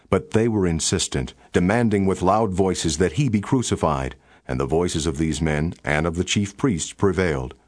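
Deep-voiced man reading scripture. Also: no room sound, clean studio sound. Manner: steady, formal storytelling cadence. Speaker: scripture narrator.

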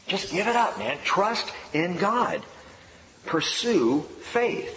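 A man's voice: fairly high pitch, animated, moderate pace, a bit bright, a little hiss or hum. A middle-aged man preaching a sermon as pastor, emphatic and repeating key phrases. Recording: echoey hall with faint ambience.

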